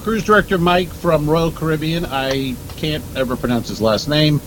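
A man's voice: fairly high pitch, normal speed, slight background noise, poor audio. A man co-hosting a comedy podcast, telling stories in a dry, rambling way with lots of asides. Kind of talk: casual comedic chat. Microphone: earpiece at a desk.

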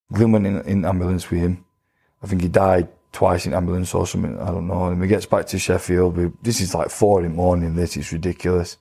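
A man's voice: sits low, warm tone, husky. A former boxer, telling his stories bluntly in a casual interview. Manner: blunt, plain-spoken, acts out quoted voices. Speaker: retired boxer guest.

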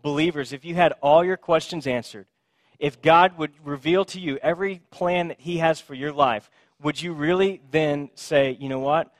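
A man's voice: fairly high pitch, moderate pace, dry recording, clean studio sound. A male pastor giving a conversational sermon with playful asides. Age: young adult or middle-aged.

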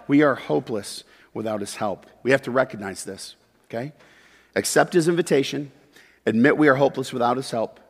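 Emphatic pastor preaching in a reverberant hall. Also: male voice, medium pitch, fairly quick, breathy edge. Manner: swings from loud emphatic peaks to quiet confessional asides. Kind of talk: sermon. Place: church sanctuary.

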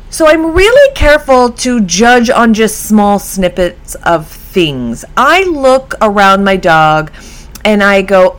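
A woman's voice: medium pitch, unhurried. A woman hosting her own podcast on dog behavior from home, talking in a chatty, storytelling way. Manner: chatty, animated storytelling with laughs. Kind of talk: casual solo podcast.

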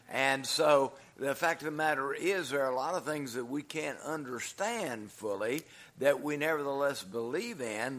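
A man's voice: mid-range voice, fairly bright tone. An older man preaching a sermon in a folksy, humorous way, drawing out his words. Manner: folksy, humorous, drawn-out delivery.

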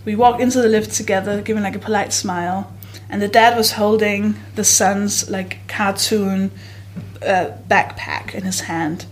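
A woman co-hosting a comedy podcast, telling stories in a casual, giggly way and bursting into shouted quotes. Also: mid-range voice, steady tone, normal speed. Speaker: podcast co-host.

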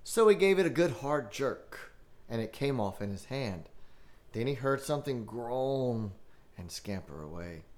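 A man hosting a podcast, reading a children's scary story aloud in a slow, dramatic style. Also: mid-range voice, sing-song, darkish tone. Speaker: podcast host.

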